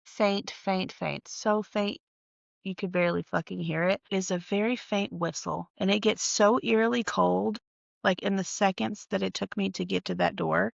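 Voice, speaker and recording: Gravelly woman swearing through a spooky story. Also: medium pitch, fairly even intonation, moderate pace, no room sound. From North Carolina, USA. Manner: profane, emphatic, conspiratorial. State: tired. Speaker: storytime vlogger. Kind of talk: casual storytelling. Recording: dull, dry lo-fi recording.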